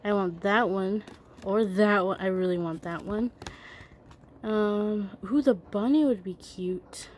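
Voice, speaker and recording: A young woman vlogger chatting casually to her viewers as she unboxes a toy, excitable and gasping with delight. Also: mid-range voice, takes it slowly, slight background noise.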